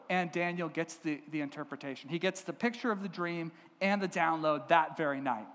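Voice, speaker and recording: A man, a pastor, preaching a sermon with lively, humorous storytelling in a church. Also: a little high, fairly quick, few pauses. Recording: long hall reverb.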